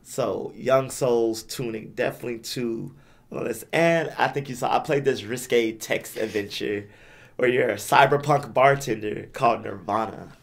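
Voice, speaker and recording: A man's voice: medium pitch, normal speed, gravelly. A young man chatting casually as a podcast co-host, rambling and often stumbling over and repeating his words. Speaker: podcast co-host back from a gaming convention. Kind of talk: casual chat.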